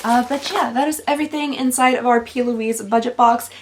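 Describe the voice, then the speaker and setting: A woman's voice: a little high, fairly even intonation, brisk. Chatty woman with a stuffy throat. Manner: chatty, rambling, candid. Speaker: beauty vlogger. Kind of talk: casual unboxing vlog.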